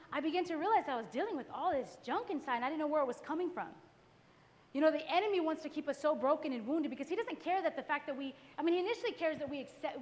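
High-voiced fast-talking woman preaching. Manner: lively storytelling, acting out her own past thoughts. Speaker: worship service speaker. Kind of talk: testimony sermon. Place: church worship hall. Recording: echoey live church recording.

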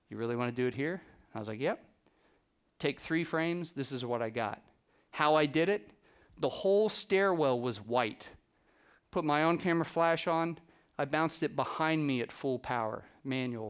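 A man giving a talk to an audience, telling lively anecdotes and acting out the dialogue with a laugh now and then. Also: a little high, clear, resonant tone. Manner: animated anecdotes, acts out dialogue, laughs often. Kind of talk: storytelling presentation to a live audience.

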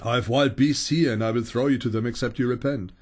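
A man's voice: medium pitch, fairly even intonation, fast, darkish tone, breathy edge, natural voice. A man voicing a stern, threatening Roman magistrate who makes commanding demands.

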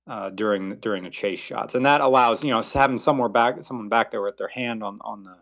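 A man with a low, gravelly voice chats on a podcast as a guest car reviewer. He rambles and keeps catching and correcting his own words. The audio is dull and lo-fi. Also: fast talker, a bit bright. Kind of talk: casual podcast chat.

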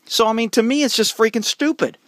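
A man's voice: extremely high pitch, fairly quick, fairly bright tone, no room sound, studio quality. A middle-aged man and horse trainer, ranting bluntly and with exasperation to camera, swearing and stumbling over repeated words when worked up. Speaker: horse trainer and channel host.

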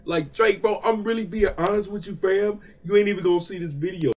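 A man with a fairly high speaking voice vents to the camera in a casual, exasperated rant. He swears freely and circles back to the same points to hammer them home. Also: brisk, darkish tone. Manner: exasperated, profane, repeats himself for emphasis. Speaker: music reaction vlogger.

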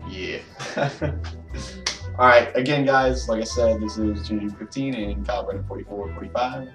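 A man's voice: on the low side, normal speed. A man casually chatting as a gameplay co-host, rambling with lots of fillers. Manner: rambling, filler-heavy chat. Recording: roomy, distant mic with background music.

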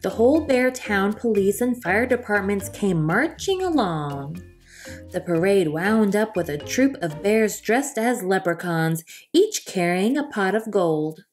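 A woman reads a children's storybook aloud in a gentle, expressive manner. Her voice sits at a middle pitch, and faint music plays softly behind her. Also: unhurried. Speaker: storytime reader.

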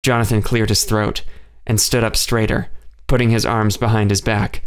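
A man giving steady, measured first-person audiobook narration. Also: lowish voice, vocal fry.

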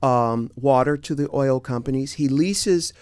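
A man in his sixties from San Diego, chatting casually as an interview guest, relaxed and halting with many fillers and restarts. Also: medium pitch, smooth, no echo. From San Diego, United States.

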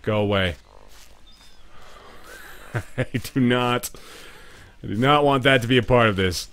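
A man hosting a let's-play video, commenting as he plays; excitable, dropping from quiet muttering to sudden loud yelps and laughter. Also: mid-range voice, a little slow, clean tone. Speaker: gaming video host.

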